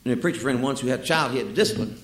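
A man preaching a sermon with folksy, humorous storytelling and lively asides. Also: medium pitch, racing. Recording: echoey room.

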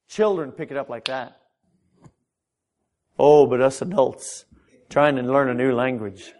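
A middle-aged man preaching a sermon in a church. His delivery is impassioned, with frequent stammered restarts, and his pitch climbs when he gets stirred up. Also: a little slow, pauses often, darkish tone. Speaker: pastor. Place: church sanctuary.

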